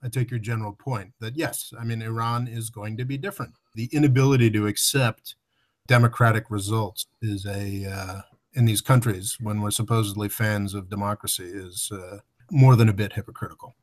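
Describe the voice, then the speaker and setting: A man's voice: lowish voice, fairly even intonation, moderate pace. A man in a casual political discussion who interrupts with questions and hesitant quibbles.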